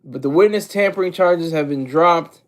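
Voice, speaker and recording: A man with a notably high voice hosts a loose livestream, talking straight to his chat. He rambles, trips over and repeats his words, and laughs quietly to himself as he goes. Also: normal speed. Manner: rambling, self-interrupting, often repeats words; chuckles to himself between thoughts. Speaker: livestream host. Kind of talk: casual livestream commentary, reading chat.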